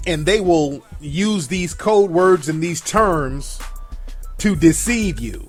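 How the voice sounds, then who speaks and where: A man's voice: on the high side, expressive, slow, soft background music. Blunt, profane man hosting a rant. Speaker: show host taking calls and chat. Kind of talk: casual live commentary.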